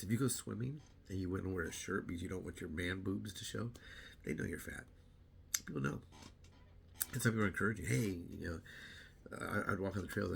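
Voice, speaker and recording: A man's voice: low voice, quick pace, vocal fry, a little hiss or hum. A middle-aged man rambling casually to camera about his weight loss, repeating words and acting out what other people say.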